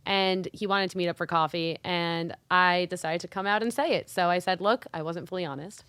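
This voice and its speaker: Fast-talking young woman telling stories. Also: fairly low pitch, clean tone, no echo. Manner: animated storyteller acting out quoted dialogue. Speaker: podcast co-host. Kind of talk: casual chat.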